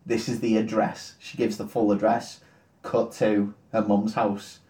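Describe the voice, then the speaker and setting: A man's voice: on the low side, flat delivery, dark tone. A man retelling a film plot in a crude, jokey way on a comedy podcast. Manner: crude, jokey storytelling with quick impressions. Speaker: podcast co-host. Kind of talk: casual comedic film recap. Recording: echoey room, distant mic.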